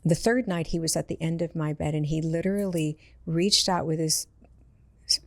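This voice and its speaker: A woman's voice: low-pitched, moderate pace, vocal fry, dry recording. A woman, an intuitive medium, telling personal stories in a conversation and acting out the voices of the people in them. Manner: earnest, acts out quoted voices in her stories. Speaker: intuitive medium, podcast guest.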